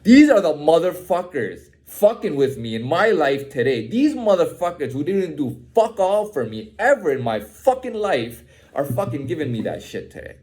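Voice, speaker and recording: A man's voice: fairly high pitch, very animated, moderate pace, darkish tone. A man ranting in a heated, profane way, repeating himself and ending lines with "man". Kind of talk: candid personal rant.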